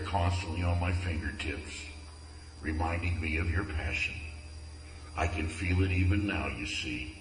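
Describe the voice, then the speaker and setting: A man's voice: low voice, background noise. A man earnestly reading his own poems aloud at a community event, tender and heartfelt. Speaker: poetry reader. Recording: echoey room from far off.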